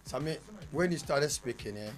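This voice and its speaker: A Ghanaian man with a Ghanaian English accent banters as a panelist in a radio studio, his mid-range voice expressive and at normal speed. He jokes and laughs often while making his point in the lively panel exchange.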